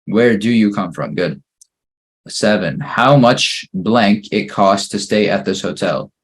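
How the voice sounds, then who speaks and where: A man leads an English grammar class, working through the sentences one by one. His voice sits low and sounds a little husky. He keeps a calm, patient teaching manner. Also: slow pace. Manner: patient, steady drilling through exercises, praising each answer. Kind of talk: online grammar lesson.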